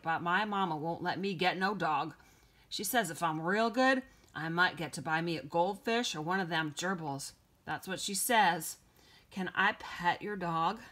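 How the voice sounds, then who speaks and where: Earnest small girl of five, plain-spoken and bright-toned, read by a woman narrator. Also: fairly low pitch. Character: earnest little girl, almost six. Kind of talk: audiobook character voice.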